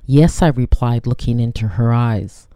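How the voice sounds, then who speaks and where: A woman reading her own personal story aloud in a measured, even storytelling manner. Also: rumbling low, no room sound.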